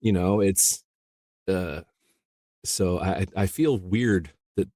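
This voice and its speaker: A man from rural Iowa with a very low voice talks shop as an interview guest. He rambles easily, circling back with "you know" and restarting thoughts. The sound is close and dry. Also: slow pace, warm tone, no room sound. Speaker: audiobook narrator, guest. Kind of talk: casual interview chat.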